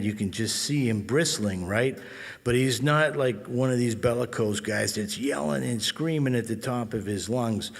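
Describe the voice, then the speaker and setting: A middle-aged man leading a band and explaining jazz phrasing in a relaxed, talky way, scatting rhythms aloud. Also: medium pitch, unhurried, long reverb tail. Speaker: bandleader and guitar teacher. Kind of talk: explaining music in a clinic.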